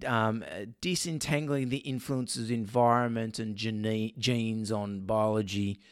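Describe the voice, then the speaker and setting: A man's voice: on the low side, fairly even intonation, a little slow, clean tone, no room sound, clean studio sound. A man co-hosting a casual vet podcast, joking and reading articles aloud with lots of ums. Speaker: veterinarian podcast co-host. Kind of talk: casual chat.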